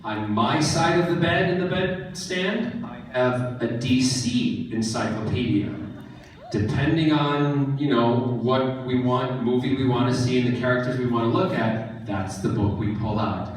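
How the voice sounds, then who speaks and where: A man answering fans' questions at a convention panel, joking and animated. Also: mid-range voice, unhurried, distant mic. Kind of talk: casual Q&A with fans. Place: large convention hall. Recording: echoey hall, mic from afar.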